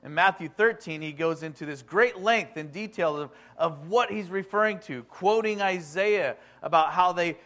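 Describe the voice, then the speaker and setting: A man preaching a sermon, reading scripture aloud in a conversational way that swings from quiet asides to loud emphasis. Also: high-pitched, normal speed, few pauses. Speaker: pastor.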